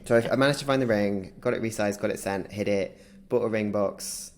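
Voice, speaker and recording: A man, a guest in a casual interview, telling a story in a lively way and often laughing through it. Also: fairly low pitch, brisk.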